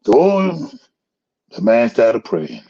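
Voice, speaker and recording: A man's voice: medium pitch, big pitch swings, extremely slow, vocal fry, warm tone, slightly rough, highs cut off. A man hosting a talk show, telling a rambling joke in casual chat and chuckling at his own punchlines. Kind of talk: casual storytelling commentary.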